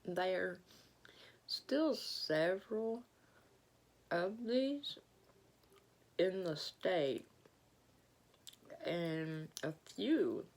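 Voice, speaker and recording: A woman with a Southern Alabama accent, telling a story in a rambling, halting way as she eats and talks with her mouth full. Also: fairly low pitch. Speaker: vlogger. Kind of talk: casual storytelling while eating.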